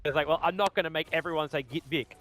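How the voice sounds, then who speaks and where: A man casting a live esports match, rambling in asides and rising to excited play calls. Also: fairly high pitch, racing, soft background music. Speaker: esports commentator.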